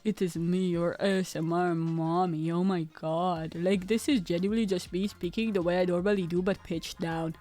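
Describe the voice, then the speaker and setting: A woman putting on a deep, flirty ASMR mommy voice, talking slowly in a pitched-down murmur. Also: steady tone, dark tone, close to an everyday voice. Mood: teasing. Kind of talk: pitched-down put-on voice.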